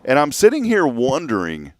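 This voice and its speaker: A man in his thirties tells a family story in a relaxed talk-show chat. His voice rises and falls a lot and he laughs often. The sound is close and dry, with no room around it. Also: mid-range voice, normal speed, dry recording. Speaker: co-host. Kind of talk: casual chat.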